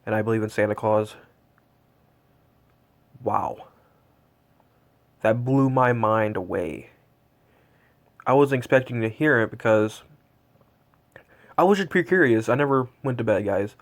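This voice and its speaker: Tracking Santa for his vlog, a shivering, cold man in his twenties rambles in awe with lots of fillers in casual, excited talk. His voice sits on the low side, unhurried, with long pauses.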